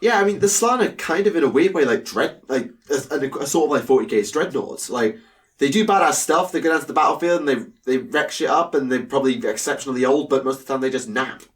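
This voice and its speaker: A man co-hosting a casual hobby podcast, chatty and quick to laugh, with many fillers. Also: medium pitch, expressive, distant mic. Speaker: podcast co-host.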